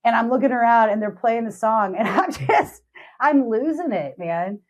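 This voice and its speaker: Interview guest, woman from St. Louis, slightly high voice, easygoing and laughing. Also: expressive, normal speed, lo-fi sound. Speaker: singer-songwriter guest. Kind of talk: casual interview chat.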